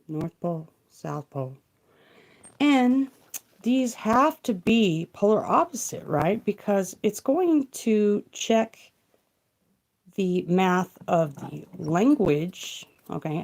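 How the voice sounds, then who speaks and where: Lady on a livestream, slow low gravelly voice, rambly questions, kept quiet on a close mic. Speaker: livestream tarot reader. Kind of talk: soft-spoken livestream musing. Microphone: close mic, kept quiet for live stream.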